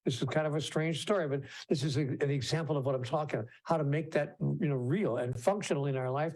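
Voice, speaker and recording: Speaking a bit fast in a slightly high, somewhat mellow voice, a man tells a personal conference story. He's a keynote speaker and author whose anecdotal style features frequent restarts and impersonations of others.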